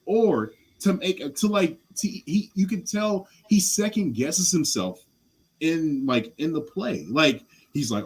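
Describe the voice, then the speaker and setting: A husky-voiced man whose pitch leaps around as he talks. He speaks as a podcast guest in casual sports chat. He is passionate, blunt and a little rambling. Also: sing-song, moderate pace, rough recording.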